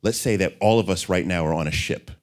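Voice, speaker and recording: A middle-aged man talking candidly as an interview guest, an animated storyteller. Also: deep voice, fast talker. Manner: animated storyteller, acts out voices in anecdotes.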